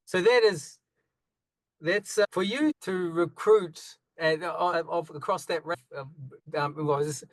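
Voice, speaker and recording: Male podcast host, high voice, close dry mic, quick to encourage his guest. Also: dry recording, poor audio. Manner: frequent encouraging backchannels, lively anecdotes. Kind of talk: casual interview chat.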